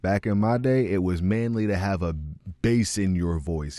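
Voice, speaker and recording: Male reaction host, excitable and slangy, low voice, slow delivery, dry close sound. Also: no room sound. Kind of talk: casual reaction commentary.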